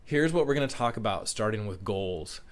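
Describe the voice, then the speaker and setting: Upbeat lower-voiced man leading school assembly. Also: lively intonation. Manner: upbeat, encouraging, talks fast. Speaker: school leader hosting morning assembly. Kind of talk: morning announcements to young students.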